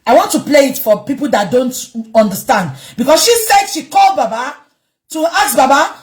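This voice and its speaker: Heated Nigerian woman vlogger, lively pitch. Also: normal speed, faint music behind. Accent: Nigerian, Yoruba. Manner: emphatic, switches between English and Yoruba, bursts into shouting. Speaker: online commentator. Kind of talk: heated commentary vlog.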